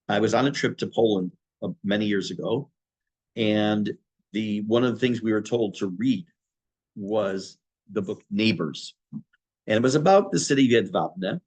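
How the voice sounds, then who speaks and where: A middle-aged man, a rabbi, teaching a history class in a conversational way, pausing for asides to his listeners. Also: lowish voice, breathy edge. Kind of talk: informal history lecture.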